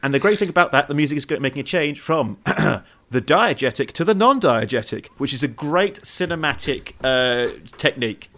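Gushing bright-voiced man. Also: on the high side, lively intonation, normal speed. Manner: enthusiastic, gushing, stumbles and restarts. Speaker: podcast co-host. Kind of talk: casual film chat.

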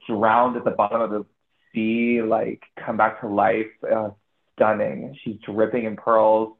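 A man guesting on a podcast, chatting casually in a relaxed, halting way with lots of fillers. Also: on the low side, vocal fry. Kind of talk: casual chat. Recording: tinny phone-like line.

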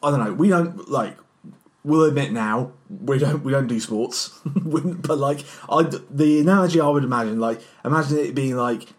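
A man co-hosting a film rewatch podcast, talking in a casual, animated way with lots of fillers and swearing. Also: medium pitch, moderate pace. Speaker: podcast co-host.

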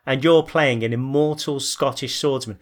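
A man's voice: mid-range voice, normal speed. A man hosting a podcast, chatting casually and telling trivia. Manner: storytelling, hesitant fillers. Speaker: podcast host. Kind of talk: casual chat.

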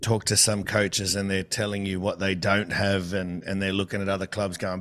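A bright, forceful man hosts a casual podcast conversation. He tells lively stories and laughs often as he talks. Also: low voice, a little fast, few pauses. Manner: animated storyteller, laughs often. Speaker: podcast host.

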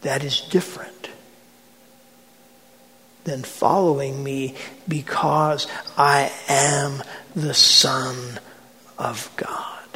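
A man's voice: medium pitch, bright, forceful tone, full character voice. A man voicing Jesus as an earnest teacher, urgently pleading with his listeners. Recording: long hall reverb.

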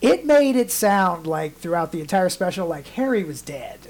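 A man co-hosts a casual podcast at normal speed, his high voice sing-song and a little mellow. He tells loose, chatty, rambling stories and acts out quotes in mock voices.

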